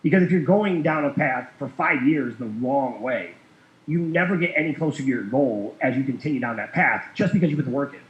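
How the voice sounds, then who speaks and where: A man's voice: medium pitch, lively intonation, fairly quick. A man telling a long story in casual chat, rambling with many fillers and small chuckles. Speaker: guest. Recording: roomy, dull lo-fi sound.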